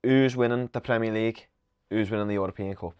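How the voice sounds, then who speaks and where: Lower-voiced man asking questions. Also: fairly even intonation, a little mellow, clean tone, lo-fi sound. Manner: quick, laughs along, asks the questions. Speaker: podcast co-host. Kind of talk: casual chat.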